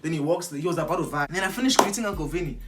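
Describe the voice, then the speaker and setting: A young man telling an excited storytime vlog, slangy and animated, acting out what people said. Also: on the high side, rapid-fire, very noisy. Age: young adult. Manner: animated, slangy, acts out quotes. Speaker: vlogger.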